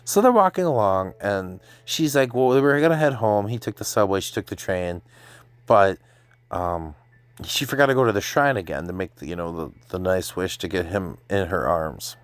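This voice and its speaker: Chatty low-voiced man recapping an anime. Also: dry recording. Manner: excited, chatty retelling with laughs and quick quoted voices. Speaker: anime reviewer. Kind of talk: casual episode recap.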